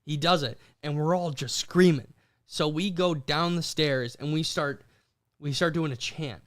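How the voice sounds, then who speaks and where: Young guy cohosting a podcast, animated storyteller, kinda high voice. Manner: animated storytelling, quick bursts and restarts. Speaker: podcast co-host. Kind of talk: casual chat.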